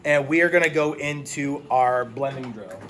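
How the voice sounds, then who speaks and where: A man patiently drills words in a phonics lesson, praising the class and saying "um" often. He speaks at a normal speed in a mid-range voice. The room is echoey, with loud background hiss.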